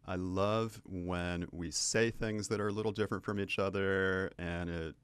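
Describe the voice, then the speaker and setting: A man's voice: low voice, fairly even intonation, normal speed, smooth, dry recording. A man from New England with a New England accent, chatting playfully as a podcast guest and laughing often. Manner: playful, laughs often, repeats words as he starts. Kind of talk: casual interview chat.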